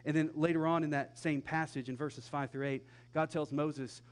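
A man preaching a sermon as pastor, conversational and animated, acting out the lines of the people in his story. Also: medium pitch, brisk.

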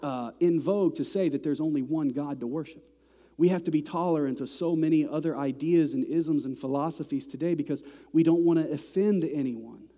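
A middle-aged man preaching to his congregation, with a warm, mellow voice a little higher than most men's. He talks in a loose, conversational way and builds to loud, exasperated peaks, and a long reverb trails each phrase through the big hall. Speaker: pastor. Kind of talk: sermon.

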